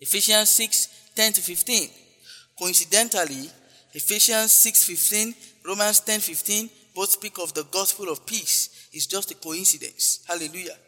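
A man's voice: high voice, moderate pace, pushed and bright, in a large hall, soft background music. A male preacher giving a broadcast sermon, repeating phrases emphatically and dropping in frequent hallelujahs.

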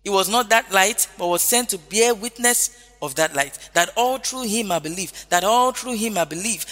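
A man's voice: sits high, pushed and bright. A man preaching a sermon, emphatic, repeating key phrases and calling out hallelujah often. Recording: long hall reverb with faint music.

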